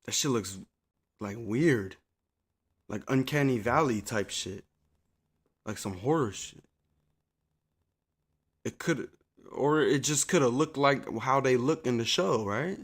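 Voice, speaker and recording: A male streamer talking casually to his chat while playing, loose and rambling with plenty of cursing. His voice is mid-pitched and offhand. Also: slow, long pauses. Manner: profane, rambling, laid-back.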